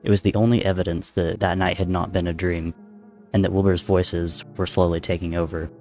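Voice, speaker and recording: Deep-voiced man reading a story. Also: flat delivery, a little fast, a little mellow, soft background music. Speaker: narrator. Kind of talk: reading fan fiction aloud.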